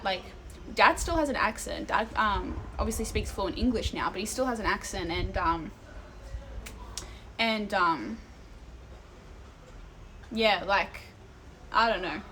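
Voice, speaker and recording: A young Australian woman streaming live, telling stories in a casual, animated way and swearing freely. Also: mid-range voice, slight background noise.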